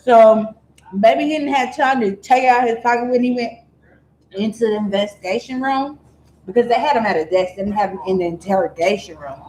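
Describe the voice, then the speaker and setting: A woman's voice: on the high side, a little fast, slight background noise. Chatty woman in an echoey room. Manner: chatty, digressive, animated asides. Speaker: vlogger. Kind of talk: casual true-crime storytelling.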